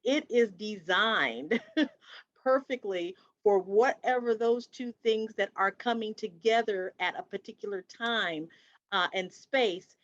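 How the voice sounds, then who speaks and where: A woman's voice: medium pitch, takes it slowly, a bit bright. A woman co-hosting a podcast in casual conversation, reflective and repeating phrases for emphasis. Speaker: podcast co-host. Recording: dry, dull lo-fi sound.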